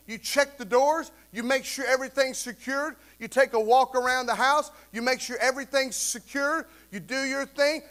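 A man preaching with a very high voice, talking to his congregation like a friend and often checking in with "right?". He builds up to loud, fervent bursts when he presses a point. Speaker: pastor. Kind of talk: sermon.

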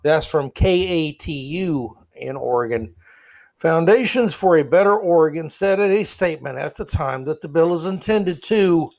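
A sarcastic male podcast host giving solo commentary with exasperated, mocking asides to his listeners. His voice sits on the higher side for a man, and the sound is close and dry. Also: no room sound.

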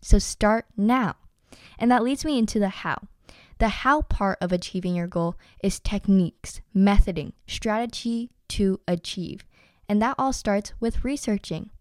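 A woman's voice: medium pitch, measured pace, darkish tone, no room sound, studio quality. A young adult woman hosting a motivational podcast, talking earnestly and encouragingly to her listeners. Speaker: podcast host.

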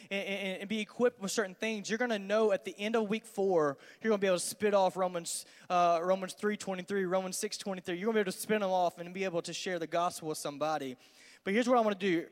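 A man, a student pastor giving an energetic, conversational youth sermon in a large church hall. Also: sits high. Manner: energetic, conversational, acts out dialogues. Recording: long hall reverb.

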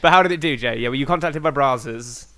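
A man's voice: medium pitch, fast, background noise. A young British man chiming in with wry jokes as a podcast co-host. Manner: wry, joking interjections. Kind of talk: improvised comedy chat.

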